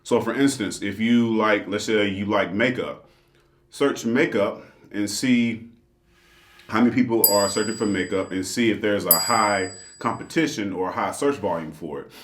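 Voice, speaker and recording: A man with a low voice talks casually to his viewers, upbeat and chatty as he eats. His voice bounces around a roomy indoor space. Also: fairly even intonation, measured pace, a little hiss or hum. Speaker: channel host. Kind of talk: casual vlog talk to viewers. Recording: roomy echo.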